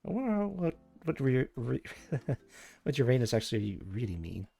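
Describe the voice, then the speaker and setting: A man's voice: medium pitch, big pitch swings, normal speed, vocal fry, warm tone, husky, faint music behind. A man streaming live, chatting casually and thinking aloud as he rambles through tangents with his viewers.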